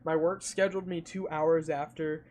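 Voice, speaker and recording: A man's voice: a little high, flat delivery, moderate pace, darkish tone. A man chatting casually on a livestream, rambling and thinking aloud, trailing off mid-sentence and humming between thoughts. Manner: hums and scats between thoughts.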